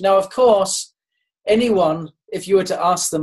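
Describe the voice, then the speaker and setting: A man with a fairly high voice gives a motivational training talk. He speaks unhurriedly, pausing and restarting his sentences. He acts out the dialogue in his stories. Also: darkish tone, low-quality recording. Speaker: network marketing trainer.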